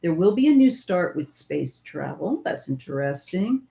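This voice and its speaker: A woman's voice: on the low side, very animated, normal speed, vocal fry, dark tone. A woman giving a casual live-stream tarot reading, musing and thinking aloud as she goes. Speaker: tarot reader.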